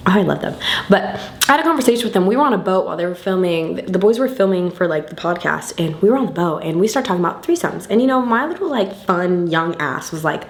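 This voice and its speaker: A woman's voice: fairly low pitch, sing-song, fast, reverberant. A tipsy young woman rambling loosely through a get-ready-with-me vlog, slangy and full of swearing. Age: young adult. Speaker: beauty vlogger.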